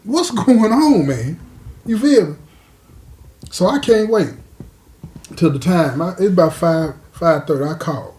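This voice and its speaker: Guy with a pretty high voice spinning a story, lively, keeps talking right at the listener. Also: unhurried, long pauses. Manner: animated, talks straight to listeners with frequent asides. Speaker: podcast host telling a personal story. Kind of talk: casual storytelling.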